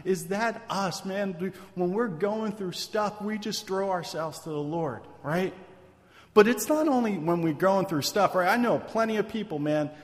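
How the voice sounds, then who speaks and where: A man's voice: sits high, normal speed. A man preaching a sermon in a casual, conversational way, often checking in with "right?" and "man". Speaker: pastor. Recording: long hall reverb.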